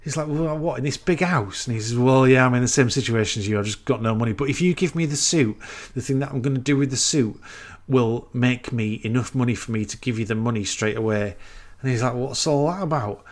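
A man's voice: medium pitch, fairly quick, hardly any pauses. Guy rambling through a film plot, acts out the lines, swears a lot. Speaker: podcast co-host. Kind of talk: casual film recap chat.

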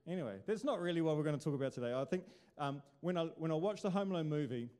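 A man's voice: on the high side, lively intonation, very fast, a little mellow. A man preaching a casual sermon, chatty and joking, firing off rhetorical questions. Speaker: pastor. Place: church hall. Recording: long hall reverb.

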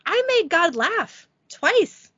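Bright, lively woman recapping a script. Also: very high voice, slow, no echo, dull audio. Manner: giggly, self-deprecating, reads quotes with little voicing. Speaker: podcast host recapping an episode. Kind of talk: casual chat reading a script recap aloud.

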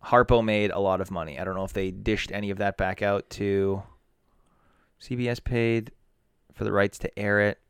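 Man chatting with smooth clear voice. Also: on the low side, fairly even intonation, normal speed, no echo, clean studio sound. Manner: swearing, joking, storytelling. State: feeling unwell. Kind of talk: casual chat.

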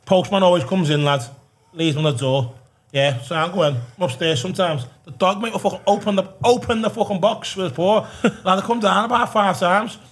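A man's voice: high-pitched, brisk, breathy edge. A man, a podcast guest telling blunt, sweary stories in casual chat. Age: 30s.

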